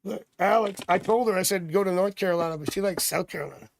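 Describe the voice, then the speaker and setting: Chatty gravelly man reading tarot cards. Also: high voice, fast talker, slight background noise. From Canada. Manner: rambling, chatty, jokey asides. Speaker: tarot reader. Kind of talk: live-stream tarot reading.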